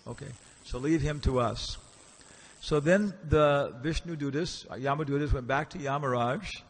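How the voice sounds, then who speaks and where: A man's voice: a little high, normal speed. A man giving a casual, storytelling lecture in a temple hall, acting out the characters he quotes and asking the audience questions. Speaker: visiting lecturer.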